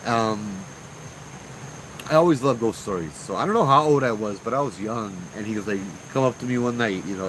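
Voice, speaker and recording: A man's voice: lowish voice, fairly quick, noisy background. A man with a Hawaiian Pidgin accent, casually telling ghost stories to his live viewers in a chatty, laughing way. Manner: laid-back, laughing, chatty. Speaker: ghost-story channel host.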